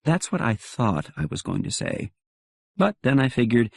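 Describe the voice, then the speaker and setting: A man's voice: medium pitch, very animated, moderate pace, creaky, no echo, clean studio sound. A man narrating an audiobook in the first person, in a wry, conversational way.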